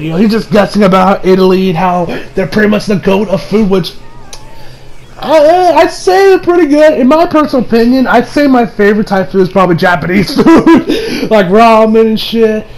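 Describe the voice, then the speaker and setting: A young man casually recapping an anime episode, rambling and excitable, often breaking into laughter. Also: high voice, normal speed, slight background noise, poor audio. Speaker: anime reviewer.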